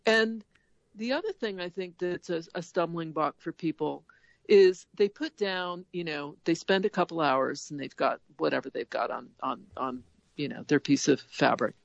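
Animated laughing woman, dull sound. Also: deep voice, vocal fry, no room sound. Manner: animated, laughs often, acts out inner voices. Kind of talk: casual podcast chat.

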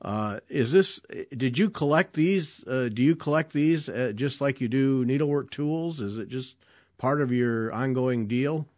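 A man's voice: medium pitch, unhurried, darkish tone, no room sound, clean studio sound. A man hosting a needlework podcast, chatty and enthusiastic, joking with his guest. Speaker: podcast host. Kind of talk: casual interview chat.

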